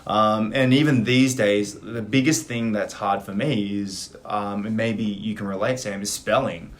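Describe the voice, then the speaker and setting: A man with an Australian accent who teaches English, hosting a casual panel chat, chatty and quick to laugh. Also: fairly low pitch. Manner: chatty, laughs often, animated when telling stories. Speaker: English instructor and host.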